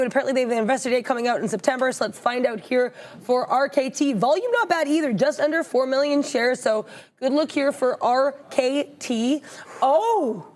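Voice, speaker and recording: Chatty high-voiced woman trading co-host. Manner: chatty, playful, reads chat comments aloud. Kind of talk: live market commentary.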